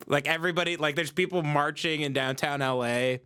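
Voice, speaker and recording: A man's voice: a little high, bright, forceful tone, clear, resonant tone. A man hosting a livestream, riffing crudely in a rambling comedic rant on a sensitive mic. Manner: crude, rambling, quick improvised bits. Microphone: sensitive mic without windscreen.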